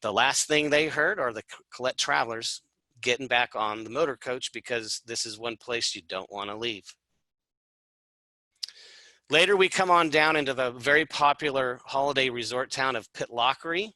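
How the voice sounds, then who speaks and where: A man walks listeners through a travel itinerary in a loose, chatty way, tossing in asides and fillers. His voice is strikingly bright and sits at a middling pitch. The sound is dry, with no room around it. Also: normal speed, dry recording, rough recording. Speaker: tour presenter. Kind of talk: informal travel presentation.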